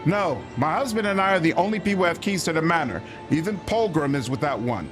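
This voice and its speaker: A man's voice: fairly high pitch, lively intonation, fast talker, natural voice. A man voicing a flustered, prim, well-bred lady who owns a robbed manor, reading game dialogue aloud. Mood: earnest. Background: game music.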